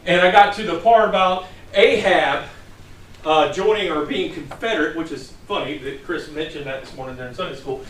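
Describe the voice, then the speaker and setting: A man's voice: a little high, normal speed, fairly bright tone, a little hiss or hum. A middle-aged man preaching a sermon in a conversational, storytelling way, from a distant mic in a church hall.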